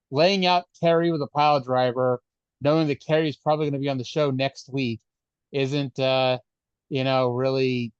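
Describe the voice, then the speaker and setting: A man's voice: mid-range voice, clear, resonant tone, dry recording, muffled recording. A man co-hosting a wrestling podcast in casual chat, joking sarcastically and swearing freely. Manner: sarcastic, profane. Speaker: podcast co-host.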